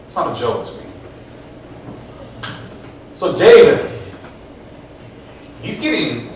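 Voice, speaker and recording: A man's voice: high voice, sing-song, slow, a little mellow, a little hiss or hum. A male preacher giving a conversational sermon, asking the congregation questions, recorded from far off in a church. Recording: echoey church hall, mic far off.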